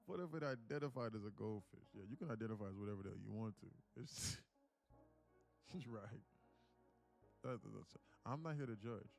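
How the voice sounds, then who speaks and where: Gravelly low-voiced man on a live trading stream. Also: normal speed, long pauses, soft background music. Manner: rambling, animated with mock dialogue. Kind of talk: casual live-stream chat.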